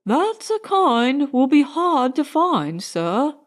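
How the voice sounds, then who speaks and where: A woman's voice: sits high, sing-song, slow pace, pitched above the performer's own voice, full character voice. A woman voicing a fussy, anxious male butler who speaks deferentially and in a flustered way.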